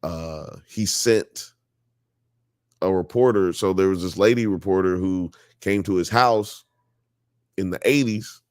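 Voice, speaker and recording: A man's voice: low-pitched, unhurried, no echo, clean studio sound. A man hosting a live show, telling a story in casual chat, full of "you know" and "blah blah," and growing emphatic when worked up.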